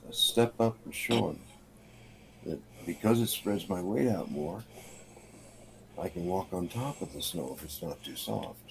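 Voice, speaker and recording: A man playing a tabletop game, talking in a halting way with many fillers. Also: sits low, vocal fry, slight background noise, low-quality recording. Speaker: player. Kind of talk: casual tabletop game play.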